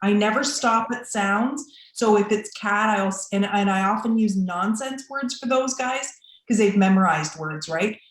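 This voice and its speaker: A woman's voice: mid-range voice, unhurried. A woman teacher jumping into a workshop discussion to eagerly share her method. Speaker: teacher participant. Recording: echoey room sound.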